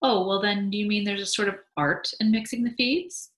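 A woman's voice: mid-range voice, steady tone, moderate pace, a bit bright, pitched above the performer's own voice, natural voice. Woman reading as smug grinning beekeeper husband. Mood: teasing. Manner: teasing, pleased with himself. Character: sly, smug male beekeeper, grinning and boastful. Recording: echoey room.

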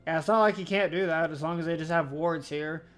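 A man giving live gameplay commentary on his match, ranting with a steady stream of profanity and exasperation. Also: on the high side, a little fast.

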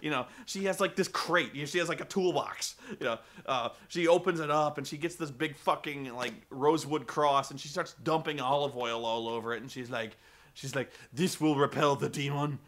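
A man vlogging a casual, profane rant about a film, rambling and animated with lots of swearing. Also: fairly high pitch, brisk.

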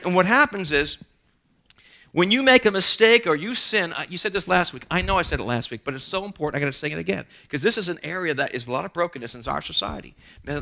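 A man preaching a sermon in a church, animated and joking at his own expense, often restarting his sentences. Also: on the high side, vocal fry. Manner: animated preaching with humorous asides and self-deprecating stories; frequent stammered restarts. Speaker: pastor. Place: church sanctuary.

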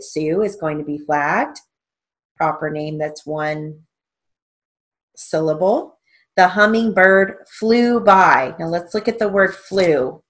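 A woman teaching steno theory, dictating sentences slowly and spelling out words letter by letter. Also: lowish voice, fairly bright tone. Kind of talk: dictation lesson with explanations.

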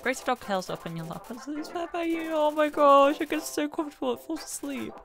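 A woman's voice: sits high, big pitch swings, fairly quick, gravelly, fairly bright tone. A woman giving casual gameplay commentary in a let's play, reading game text aloud and gushing playfully, music playing behind her. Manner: gushing and playful, squeals over dogs.

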